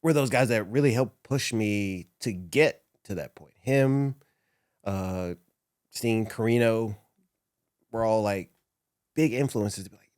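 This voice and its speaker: A man's voice: lowish voice, takes it slowly, long pauses, a little mellow, no room sound, studio quality. A man, a former wrestler, recalling his career in a casual interview, laughing often as he talks. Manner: laughs often, emotional recollection. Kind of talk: casual storytelling.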